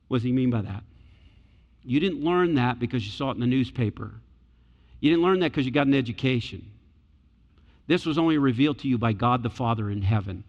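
A man preaching a sermon as pastor, talking conversationally and then rising into loud, emphatic declarations. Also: mid-range voice. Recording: long hall reverb.

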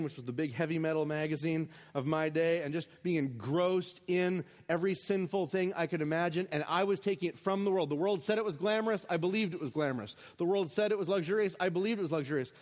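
A man with a high voice delivers a sermon in a church. He preaches in an animated way, slipping into the voices of the people he describes and slowing right down when he reads verses. A long reverb trails behind him in the hall. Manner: animated preaching, voices imagined speakers, reads scripture slowly. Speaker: pastor.

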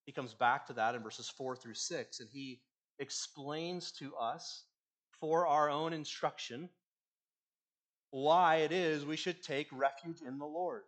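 A male pastor preaching a sermon, earnest, swinging between loud emphasis and quiet, hushed endings. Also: fairly high pitch, slow pace.

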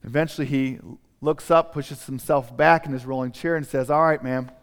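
A male preacher telling a story sermon in an animated, dramatic way. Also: mid-range voice, moderate pace, long reverb tail.

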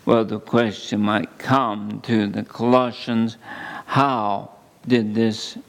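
A man preaching a sermon, reading scripture slowly and deliberately with emphatic pauses. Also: lowish voice, level tone. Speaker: pastor.

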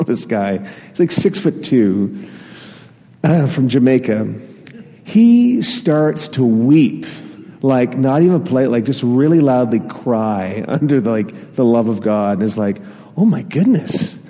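Male preacher, warm mellow voice, self-deprecating storyteller, hall reverb. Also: mid-range voice, animated, slow pace. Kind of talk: sermon.

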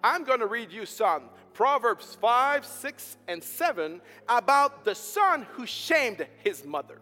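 A man preaching a storytelling sermon, emphatic, swinging between loud and soft. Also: very high voice, sing-song, slow pace. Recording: hall reverb with faint music behind.

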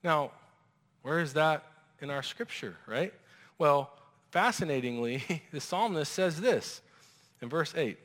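A male pastor delivers a sermon in a lively, animated way, slipping into quoted voices as he goes. His voice sits at an everyday middle pitch. It rings out with the long reverb of a large sanctuary. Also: moderate pace.

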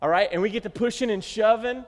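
Animated man preaching in a reverberant hall. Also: high voice, fast talker. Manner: animated storytelling, acting out quotes. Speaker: pastor. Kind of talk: sermon.

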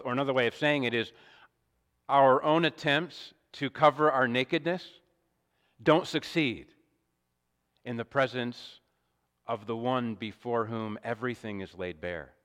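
A man preaching an expository sermon in a measured, deliberate way, with emphatic rises and small restarts. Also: medium pitch, a bit bright, clean tone. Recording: long hall reverb.

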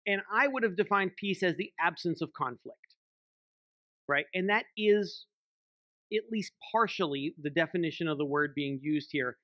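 A church elder preaches conversationally at a moderate pace, his voice on the high side, often checking in with listeners by asking "right?" No echo is present, though the audio sounds dull.

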